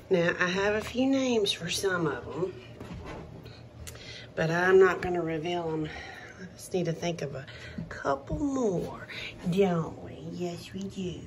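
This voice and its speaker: A woman showing a litter of puppies in a casual vlog, talking softly and often dropping to a cooing whisper. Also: mid-range voice, expressive, slow, pauses often, background noise. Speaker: dog breeder showing puppies.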